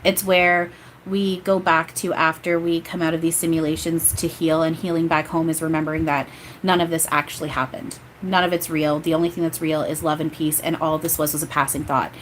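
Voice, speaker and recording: A woman's voice: sits low, little pitch movement, fairly quick, a little hiss or hum, low-quality recording. A young woman doing live spiritual readings on a stream, rambling and emotional with many restarts. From grew up Catholic. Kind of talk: live-stream chat and channeling.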